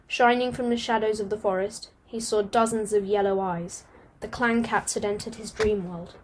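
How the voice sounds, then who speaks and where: A woman reading a storybook aloud at a mid-range pitch. She keeps a steady pace but now and then stumbles and starts a phrase over. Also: normal speed, a little hiss or hum. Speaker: audiobook reader.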